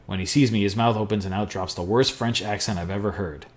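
A man's voice: fairly low pitch, fairly even intonation, quick pace. A male podcast host playing an adventure game, making offhand, wry comments and reading the game narration aloud. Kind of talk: casual let's-play commentary and reading game text aloud.

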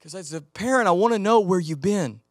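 A middle-aged man preaching a sermon as pastor, telling animated stories and acting out the voices in them. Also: sits high, a little fast, dry recording. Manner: animated storytelling, acts out quoted voices.

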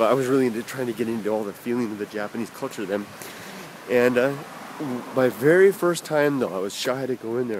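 A man's voice: medium pitch, background noise. A middle-aged man casually telling a rambling personal story for his vlog while walking down a street outdoors. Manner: rambling and chatty, with many fillers and self-corrections. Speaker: vlogger.

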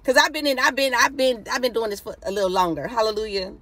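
A woman's voice: fairly high pitch, fairly even intonation, quick pace, fairly bright tone, a little hiss or hum. A woman preaching fervently over a phone live stream, casual and exhorting, with constant cries of hallelujah. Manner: fervent, repeating hallelujah, casual Southern-style speech.

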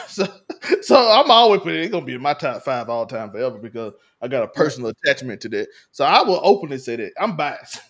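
A podcast host in his thirties talks casually and with animation. His voice sits high and jumps all over, and he breaks into laughter often while acting out what others said. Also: a bit bright. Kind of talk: casual chat.

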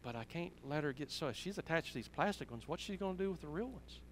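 A man voicing a loving father who speaks quietly and tenderly to his young daughter. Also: on the high side, lively intonation, fast, a little hiss or hum, lightly acted, rough recording.

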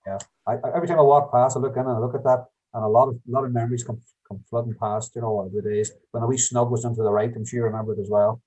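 A man's voice: medium pitch, steady tone, rapid-fire, dark tone. A man interviewing a guest over a video call, reminiscing fondly. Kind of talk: interview talk. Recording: distant husky call audio.

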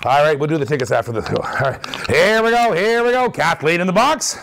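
Host type: high-pitched man, hyped live-auction caller, repeats himself a lot. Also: fairly quick, creaky, a little hiss or hum. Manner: energetic, repetitive hype calls with laughs. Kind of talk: excited live-stream patter.

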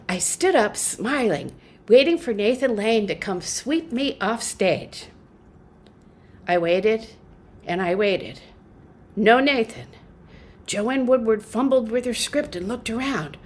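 A middle-aged woman, a folk singer appearing as a guest, tells a funny story in a lively, self-deprecating way, laughing often. Her voice is medium in pitch and a little slow.

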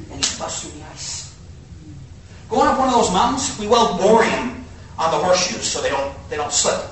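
In this sermon, a preacher animatedly relates a folksy tale, his voice swinging between soft, low asides and high-pitched exclamations. The sound is distant and echoey, as in a large hall, with a slight hiss.

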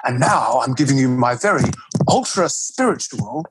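A man putting on the voice of a pompous, ultra-spiritual male yoga teacher, low, breathy and self-important. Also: lively intonation, moderate pace, noisy background, lightly acted. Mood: mock-solemn.

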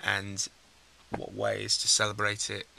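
A young man, vlogging casually about his trip and getting loud and excited when he meets his friends. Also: lowish voice, unhurried, gravelly. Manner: chatty, gets excited and shouty with friends. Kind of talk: casual travel vlog. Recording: noisy handheld camera audio.

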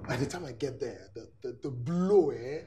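An actor playing a jokey, excitable male friend who laughs and teases a lot. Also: mid-range voice, moderate pace, reverberant, background noise, natural voice. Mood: teasing. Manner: playful, teasing, laughs a lot.

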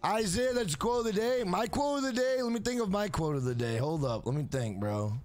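A man's voice: high voice, animated, a little fast, a little mellow, faint music behind. A man hosting a casual game livestream, talking loosely and profanely to his chat.

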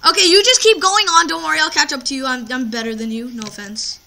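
A teenage boy with a high, bright voice trades boastful teasing with a friend as he plays a game. He often trips over his words and restarts mid-sentence. The voice sits well above most young men in pitch and sounds sharp and tense. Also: fairly even intonation, fast, creaky, slight background noise. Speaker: Minecraft player. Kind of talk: casual gameplay chat.

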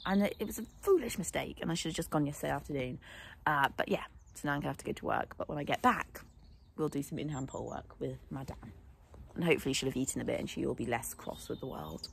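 A woman's voice: deep voice, quick pace, gravelly, breathy edge. A young woman, a horse vlogger, chatting casually to camera in a rambling, laughing way at a stable yard.

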